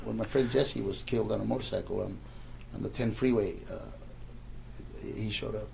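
A man's voice: lowish voice, quick pace, vocal fry, dark tone, a little hiss or hum. A man in his sixties casually telling a rambling anecdote, stammering and repeating words as he goes.

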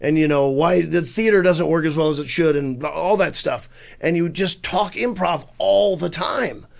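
A man from Missouri with a gravelly edge and a slightly raised pitch. He is a guest telling rambling, self-deprecating stories about his past in a relaxed interview chat. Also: moderate pace. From Missouri, USA. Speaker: guest, improv comedian.

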